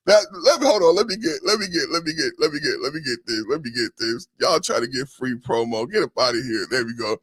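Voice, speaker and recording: A man hosting a podcast, reacting to posts in casual, excitable commentary, laughing often and repeating phrases. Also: fairly high pitch, fast talker, hardly any pauses, breathy edge, no room sound. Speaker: podcast host.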